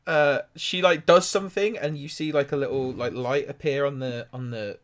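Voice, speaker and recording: A man's voice: medium pitch, normal speed. A man narrating as game master, rambling with many fillers. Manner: rambling, filler-heavy description.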